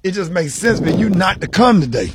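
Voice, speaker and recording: A man's voice: high voice, sing-song, a little fast, noisy background. A man hosting a radio morning show, bantering with a caller and playing along as he spells out the caller's logic. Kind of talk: casual on-air banter.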